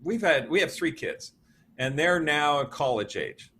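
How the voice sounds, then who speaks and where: A man in his fifties, a motivational speaker giving an interview, telling stories in a lively way and laughing often. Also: on the high side, unhurried, slight background noise. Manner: animated storyteller, laughs often, acts out quotes. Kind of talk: conversational interview.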